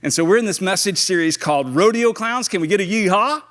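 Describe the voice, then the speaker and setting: Male pastor, slightly high voice, lively storytelling sermon, long church-hall reverb. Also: fast. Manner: storytelling, animated, acts out quoted lines. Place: church auditorium.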